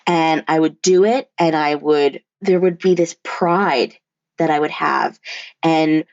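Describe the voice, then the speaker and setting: A low-pitched woman speaks candidly as a podcast guest, full of "like" and "you know" and quick restarts. The sound is dry and a little dull, like a lo-fi remote recording. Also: a little mellow, no echo. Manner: frank, many fillers and restarts, occasional swearing and laughs. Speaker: therapist and body-image coach, podcast guest. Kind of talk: candid conversational storytelling.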